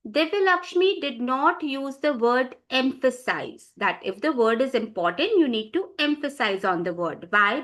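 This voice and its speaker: A woman running a teacher-training session, directive and organized. Her voice is a little high and rings bright and crisp. She calls on participants by name and lays out questions step by step.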